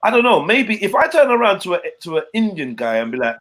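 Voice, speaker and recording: Animated young man telling a story. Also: sits high, quick pace, hardly any pauses. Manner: animated, slangy, swearing, quoting people in voices. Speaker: podcast co-host. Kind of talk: casual chat, storytelling.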